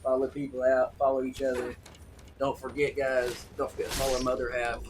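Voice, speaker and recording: A man's voice: mid-range voice, completely flat delivery, brisk. Rambling male streamer, off-mic. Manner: rambling, with frequent restarts and repeated words. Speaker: live streamer. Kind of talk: casual live-stream chat. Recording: distant mic with faint noise.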